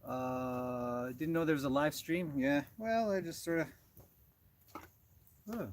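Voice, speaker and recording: A man's voice: on the high side, takes it slowly. Chatty man talking to his animals. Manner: chatty, talks to his animals between thoughts. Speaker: horse trainer livestream host. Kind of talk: casual livestream chat. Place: outdoors beside a horse.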